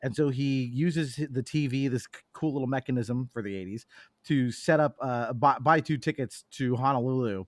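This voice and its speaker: A man's voice: mid-range voice, moderate pace, dry recording. A man on a movie podcast steadily recapping a film's plot, with a few fillers. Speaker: podcast panelist. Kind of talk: casual movie podcast chat.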